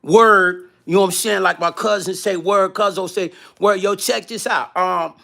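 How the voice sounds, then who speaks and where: A brash young New York homeboy , as a man puts him on, who hypes up his friend in thick street slang. He has a New York accent and a bright, ringing voice pitched a little high, and he keeps saying yo and hold up between phrases. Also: steady tone, normal speed, gravelly, exaggerated voice. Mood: hyped.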